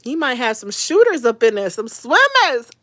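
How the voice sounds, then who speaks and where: A woman's voice: a little high, very animated, normal speed, sharp tone, no echo, clean studio sound. A woman hosting a casual live stream, teasing commenters, laughing often and apologizing for eating.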